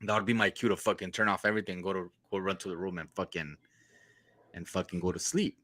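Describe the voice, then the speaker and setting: Lowish bright-voiced podcast host, swears a lot, dry close mic. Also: male voice, fairly even intonation, fast, no room sound. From Los Angeles area. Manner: profane, laid-back slang. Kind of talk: casual storytelling.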